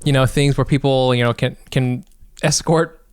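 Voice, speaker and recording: A man's voice: medium pitch, steady tone, normal speed, clear, resonant tone, no room sound, studio quality. A man co-hosting a comedy podcast, talking in a sarcastic, rambling way and correcting himself mid-sentence. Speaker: podcast co-host. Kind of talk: casual podcast chat.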